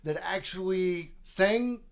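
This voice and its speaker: Male co-host, slightly high voice, dry wry delivery, casual banter. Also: slow. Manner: dry, wry, self-mocking humor. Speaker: co-host of a clown web show.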